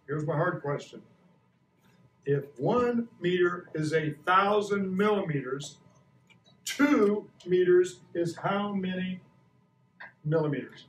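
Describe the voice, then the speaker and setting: Brief: sixties male teacher, playful quizzer, fairly high voice, echoey classroom mic from a distance. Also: animated, takes it slowly, long pauses, slight background noise. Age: 60s. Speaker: science teacher. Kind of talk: classroom lesson. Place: school classroom.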